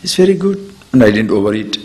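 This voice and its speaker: A man, a spiritual teacher giving a discourse to an audience, animated and chuckling often as he acts out everyday examples. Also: on the low side, fast.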